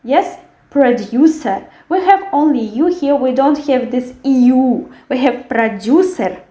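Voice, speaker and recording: A woman teaching a language lesson, carefully repeating words slowly for learners. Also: high voice, lively intonation, mellow. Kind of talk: language lesson with word drills. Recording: echoey room.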